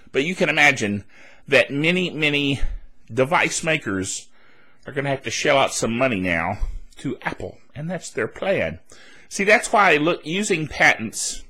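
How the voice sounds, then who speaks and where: A man's voice: medium pitch, bright, forceful tone. A man hosting a solo tech news podcast, chatty and rambling with laughs and asides, his throat a little dry. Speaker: podcast host.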